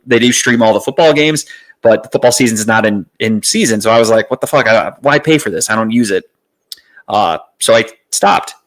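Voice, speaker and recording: A man's voice: medium pitch, fairly bright tone. Casual rambling man podcasting solo. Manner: rambling, swears casually, many "uh" fillers. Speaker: podcast host. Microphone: streaming setup mic.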